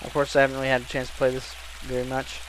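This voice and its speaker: A young man giving casual let's-play commentary, a loud, excitable talker who bursts into yelling. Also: mid-range voice, very fast, slight background noise. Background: faint game music.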